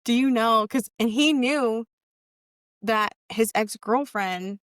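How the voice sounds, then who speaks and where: A woman's voice: fairly high pitch, slow pace, fairly bright tone, no echo, studio quality. A young woman on a podcast telling a personal story in casual chat, candid and cursing freely, acting out what people said. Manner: candid, heavy swearing, acts out quoted lines. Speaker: podcast guest.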